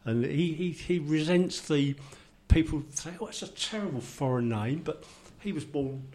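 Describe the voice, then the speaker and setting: A man's voice: on the high side, animated, normal speed, a little mellow. Older man, London accent, chatty, joking, rambling storyteller, casual group conversation. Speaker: discussion participant.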